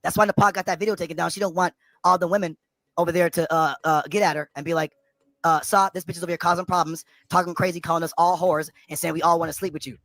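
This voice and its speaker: A man's voice: a little high, steady tone, quick pace, a bit bright, dry recording. A man streaming a profane, repetitive rant on his own channel. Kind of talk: ranting commentary.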